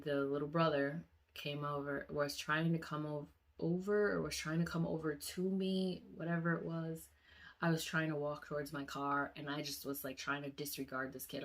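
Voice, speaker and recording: Low-voiced woman retelling a nightmare. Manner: animated storyteller, acts out quoted voices with sudden high pitch jumps; drops to a soft, low murmur when reflecting. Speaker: vlogger. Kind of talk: casual dream retelling.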